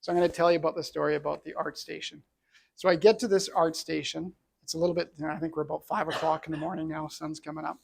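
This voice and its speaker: A middle-aged Canadian entrepreneur recounts his own story in an earnest, reflective way. His voice is fairly high and creaky, and he talks quickly with a flat delivery.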